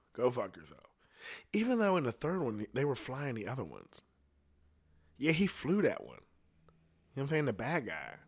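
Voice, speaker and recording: A man, a singer, in a loose, rambling monologue, full of swearing and meandering asides. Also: mid-range voice. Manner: profane, meandering, laid-back storytelling. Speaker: singer talking on a podcast.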